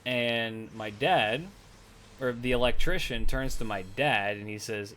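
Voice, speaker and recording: A man's voice: medium pitch, measured pace, sharp tone, slight background noise. A young man streaming, telling stories in a rambling, profane casual chat with many fillers.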